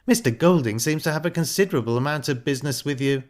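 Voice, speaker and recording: A man voicing a calm, sharp-tongued young woman who speaks in a pointed, ironic way. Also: a little high, fast, voice pushed up, natural voice. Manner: cool, pointed and cutting.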